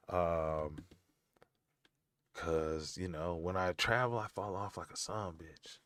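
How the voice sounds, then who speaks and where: A man's voice: sits low, measured pace, no room sound, clean studio sound. Slangy laid-back man on a live stream. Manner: loose, slangy, laughing often. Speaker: podcast host reading live chat. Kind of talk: casual live-stream chat. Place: home.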